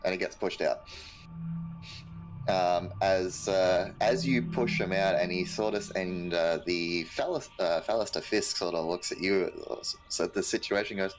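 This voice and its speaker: Slow, low-voiced male game master. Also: steady tone, faint music behind, low-quality recording. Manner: halting, many fillers. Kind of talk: tabletop game narration.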